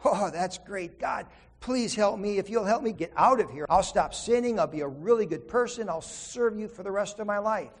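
A man's voice: sits high, expressive, normal speed, in a large hall, pitched above the performer's own voice. A man voicing a frightened man clinging to a cliff edge, pleading and bargaining for rescue. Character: panicked man dangling over a cliff.

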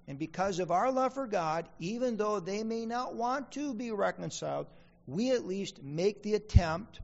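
A man's voice: high voice, big-room sound, muffled recording. A man preaching a sermon as pastor, asking the congregation questions and repeating key lines for emphasis. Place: church sanctuary.

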